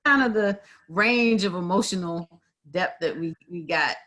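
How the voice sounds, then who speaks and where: Woman mediator co-hosting a livestream: animated storyteller, lowish pitch, bright and forceful tone, video call. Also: measured pace. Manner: animated storyteller, acts out quotes, many fillers. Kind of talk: casual conversational chat.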